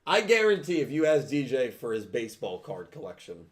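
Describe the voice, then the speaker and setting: A man's voice: medium pitch, very animated, brisk, a crowd in the background. A man hosting a casual podcast chat, rambling and restarting his sentences. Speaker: podcast host.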